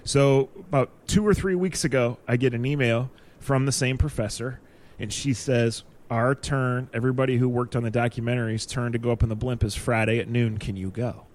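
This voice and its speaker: A lively man co-hosts a casual podcast, spinning a story with quick laughs and acted-out quotes. His voice sits at an ordinary middle pitch for a man. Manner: animated, laughs easily, acts out quotes. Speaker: podcast co-host.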